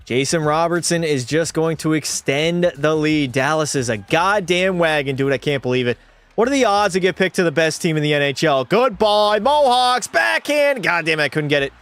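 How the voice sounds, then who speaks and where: Brief: young male streamer, higher-pitched voice, excitable play-by-play with swearing, music underneath. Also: normal speed, clear, resonant tone, no echo. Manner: excitable, swears, chats with viewers. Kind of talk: live gameplay commentary.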